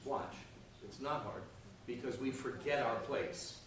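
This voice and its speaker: Speaking unhurriedly in a mid-range voice, a man leads a conversational Sunday school Bible lesson, frequently asking his class "okay?" and "right?". The recording comes from a church classroom with an echoey room, his voice off-mic and distant, with crowd noise around him.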